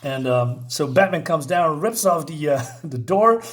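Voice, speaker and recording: A man's voice: on the high side, expressive, measured pace, a bit bright. A man casually reviewing a comic book, rambling with many fillers and chuckling often.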